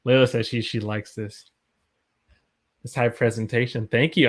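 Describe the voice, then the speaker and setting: A young man hosts a live English lesson, talking casually and warmly encouraging his viewers. His voice sits at a middle pitch, and he answers viewer comments as they come in. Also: flat delivery, moderate pace. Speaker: English teacher, livestream host.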